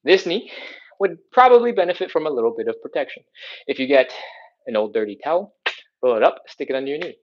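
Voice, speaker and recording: A man's voice: fairly high pitch, sing-song, fast, muffled recording. A man leading a live stretching class, coaching upbeat and checking in with "all right?" as he explains each move. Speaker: fitness instructor.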